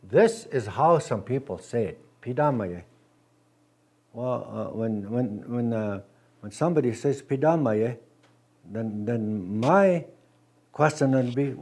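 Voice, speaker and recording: A man teaching a language class, patient and gentle, repeating words slowly with many halting restarts. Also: medium pitch.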